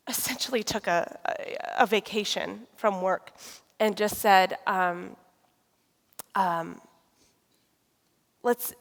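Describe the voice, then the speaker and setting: A woman sharing a candid personal faith testimony, often dropping to a hushed near-whisper. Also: medium pitch. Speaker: guest speaker sharing her testimony. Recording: long reverb of a large hall.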